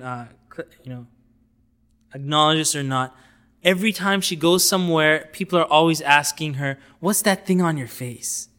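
A man giving an informal lecture on outreach techniques, animated and conversational, often acting out little dialogues. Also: a little high, clear, resonant tone. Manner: conversational with fillers and asides.

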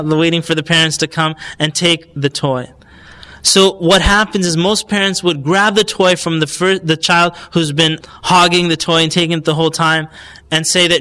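Male lecturer, slightly high, bright voice, conversational, questions the audience. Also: fairly even intonation, normal speed, clean tone. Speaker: Islamic lecturer. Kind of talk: recorded lecture.

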